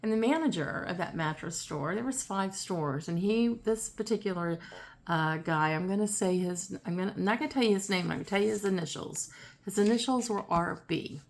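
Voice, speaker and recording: Gravelly-voiced woman telling a story. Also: mid-range voice, fairly quick, slight background noise. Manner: chatty, repetitive, animated when quoting. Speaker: psychic storyteller. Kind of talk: casual spoken storytelling. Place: home, seated in a rocking chair.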